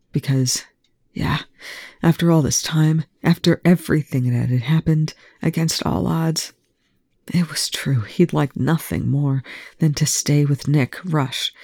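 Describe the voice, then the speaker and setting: A reader giving even, measured narration of a fan fiction audiobook. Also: mid-range voice, gravelly, no room sound, studio quality.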